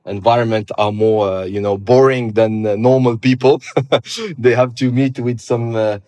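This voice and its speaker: A man's voice: medium pitch, moderate pace, dry recording. Give me a Moroccan man in his thirties with a French-tinged accent, talking casually and hesitantly in a dry, close recording. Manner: hesitant, many uhs, relaxed. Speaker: guest. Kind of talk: casual interview conversation.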